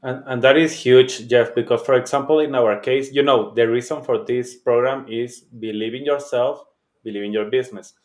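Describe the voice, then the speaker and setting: A man's voice: medium pitch, fairly even intonation, moderate pace, echoey room. A man hosting an interview show, responding to his guest in an encouraging, reflective way. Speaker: host. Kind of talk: conversational interview.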